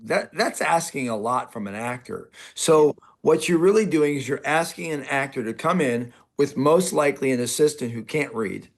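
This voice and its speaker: A man's voice: mid-range voice, animated, normal speed, few pauses. A man with a mid-range voice hosts a casual interview podcast. He talks in long, rambling runs and often acts out the people he quotes. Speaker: podcast host.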